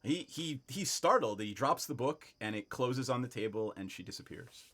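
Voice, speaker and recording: A man's voice: medium pitch, expressive, normal speed, fairly bright tone. A man narrating as game master of a tabletop game, hesitant with many fillers and restarts.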